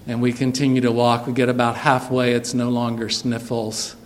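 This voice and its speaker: A middle-aged man, preaching a sermon in a church sanctuary, telling a personal story earnestly and dropping soft and low for tender moments. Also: monotone, normal speed. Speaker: pastor.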